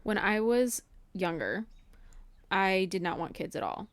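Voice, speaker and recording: A woman in her thirties co-hosting a podcast, outspoken and quick to laugh in casual chat. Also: mid-range voice, sing-song, dry recording. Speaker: podcast co-host.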